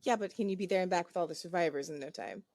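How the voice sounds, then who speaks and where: A woman's voice: fairly low pitch, very fast, darkish tone, no room sound. A woman playing a tabletop game, chatting casually and thinking aloud with many hesitations. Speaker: player.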